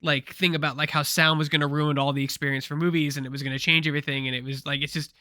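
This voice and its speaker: A man's voice: a little high, level tone, fast, sharp tone, dry recording, clean studio sound. A man co-hosting a casual pop culture talk show, rambling and opinionated with frequent restarts. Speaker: co-host. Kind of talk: casual podcast discussion.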